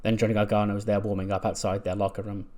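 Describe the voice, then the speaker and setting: A man's voice: on the low side, flat delivery, rapid-fire, a little mellow. Man, game streamer, loose casual play-by-play recap. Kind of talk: retelling a wrestling game story.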